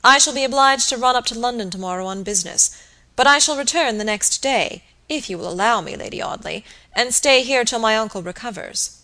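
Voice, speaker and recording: A woman gives voice to a grave young barrister in a storybook reading. He speaks in a measured, formal way, with a bright, clear tone. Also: fairly high pitch, voice pushed up.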